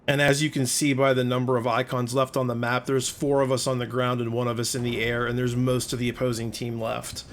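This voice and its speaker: A man at an ordinary middle pitch talks through a recorded match as gameplay commentary. His manner is conversational and explanatory, and he is plain-spoken about his own frustration. A faint ambient hum sits behind the voice. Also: little pitch movement, fairly quick, few pauses. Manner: conversational, explaining play as it unfolds. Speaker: gaming video host.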